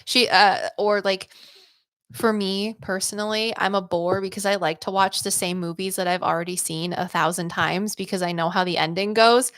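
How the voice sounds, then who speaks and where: A woman's voice: medium pitch, steady tone, normal speed, a bit bright, dry recording, studio quality. A woman hosting livestream psychic readings, chatty and upbeat, rambling with lots of "like" and "um". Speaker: psychic medium host.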